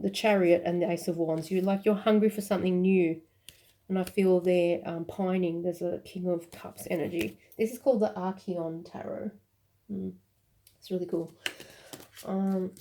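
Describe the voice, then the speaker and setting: Woman tarot reader, casual and emotional, low mellow voice. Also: a little hiss or hum. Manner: intuitive, rambling, with fillers and self-corrections; emphatic and emotional at moments. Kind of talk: casual tarot reading to camera.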